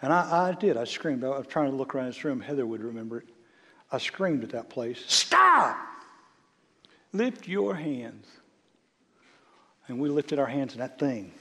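A man preaching a sermon as a bishop, swinging between loud calls and hushed storytelling. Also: medium pitch, brisk. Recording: long hall reverb.

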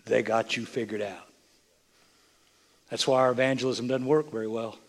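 An older man, a bishop, preaching a sermon with impassioned delivery that swings from hushed, near-whispered moments to loud, emphatic lines. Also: mid-range voice, fairly even intonation, normal speed.

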